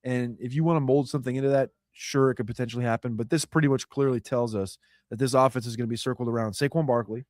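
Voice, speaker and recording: A man's voice: medium pitch, steady tone, fast talker, a little mellow, no room sound, clean studio sound. A man analyzing the football draft live, talking emphatically in a rambling, slangy way with many restarts. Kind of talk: live draft coverage chat.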